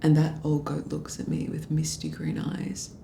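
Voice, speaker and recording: A woman's voice: low voice, monotone, moderate pace, gravelly, dark tone, reverberant, a little hiss or hum. An actress playing a drunk Australian political media adviser, bitter and sarcastic as she rambles through a story. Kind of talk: film drama dialogue.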